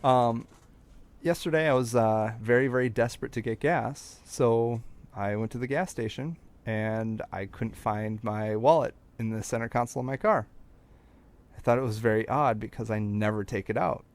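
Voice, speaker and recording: A young man with a mid-pitched voice chats in an easygoing, unscripted way. He tells his story at a relaxed clip, wandering between asides and starting sentences over. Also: moderate pace. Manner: relaxed, rambling, with filler words and restarts. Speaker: podcast co-host telling a story. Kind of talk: casual storytelling chat.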